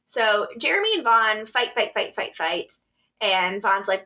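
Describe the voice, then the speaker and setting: A woman co-hosting a podcast, casually recapping episodes, animated and laughing often as she acts out quotes. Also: on the high side, normal speed. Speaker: podcast co-host.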